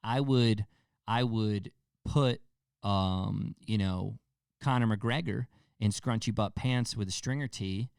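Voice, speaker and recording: Man, podcast host, casual rambling chat, lots of fillers, swears freely, lowish voice, dry close sound. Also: takes it slowly, vocal fry, darkish tone, clean tone, no room sound.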